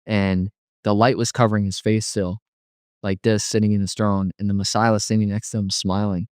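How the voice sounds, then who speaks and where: A man's voice: fairly low pitch, flat delivery, brisk, darkish tone, clean tone, no echo, studio quality. A young man telling his personal faith testimony in an earnest, rambling way, with many restarts.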